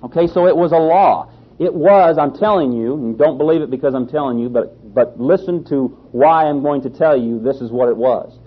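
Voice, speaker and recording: A man's voice: medium pitch, normal speed, husky. Emphatic male Bible teacher, lo-fi. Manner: emphatic, repeats key phrases, asks rhetorical questions. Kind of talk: sermon. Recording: slightly dull lo-fi sound.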